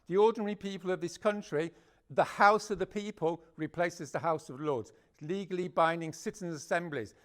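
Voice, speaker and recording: A man speaking informally to a gathering of activists. His voice sits a little high for a man, and he talks in a loose, conversational way, checking in with "right?" and swearing casually. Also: a bit bright. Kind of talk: informal speech to a meeting.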